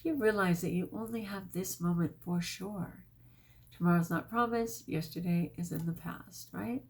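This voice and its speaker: A woman's voice: fairly low pitch, moderate pace. Earnest, prayerful woman vlogger. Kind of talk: casual storytelling vlog.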